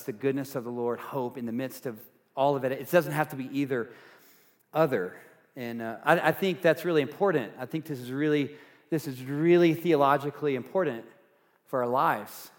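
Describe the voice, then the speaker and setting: A man preaching a sermon as pastor, earnest, going from loud emphasis to hushed softness. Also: medium pitch, long reverb tail. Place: church sanctuary.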